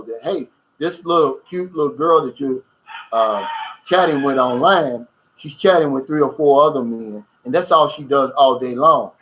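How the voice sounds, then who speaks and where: A man with a slightly higher-than-average voice hosts a casual livestream chat. He talks bluntly and emphatically, keeps calling his listeners "man," and stops to answer viewer comments. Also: fairly bright tone, poor audio. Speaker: channel host reading viewer comments.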